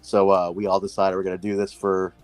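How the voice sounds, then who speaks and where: A man's voice: sits low, completely flat delivery, fairly quick, darkish tone, no echo, faint music behind. Laid-back swearing man on a late-night stream. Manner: laid-back, swears freely, slips into a drawling stoner voice. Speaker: podcast co-host.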